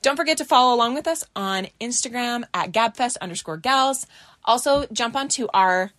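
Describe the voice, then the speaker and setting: A woman's voice: on the high side, normal speed, no echo. A young woman co-hosting a podcast, telling a story with laughter and acting out quoted voices. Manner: animated, laughing, acts out quotes. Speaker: podcast co-host. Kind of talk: casual storytelling chat.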